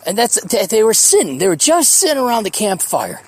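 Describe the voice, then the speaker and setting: A man in his forties talks alone into his podcast mic, drifting from memory to musing. His voice sits a little high for a man. He swears freely and wanders in a loose, reflective ramble. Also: wildly swooping pitch. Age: 40s. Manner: rambling, profane, reflective, mocks others in quick put-on voices. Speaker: podcast host. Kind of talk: solo podcast monologue.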